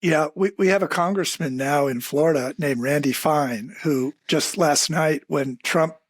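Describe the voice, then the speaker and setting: A man, a physician, speaking as a guest on a podcast in a measured, earnest way. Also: a little high, no room sound. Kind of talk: conversational podcast interview.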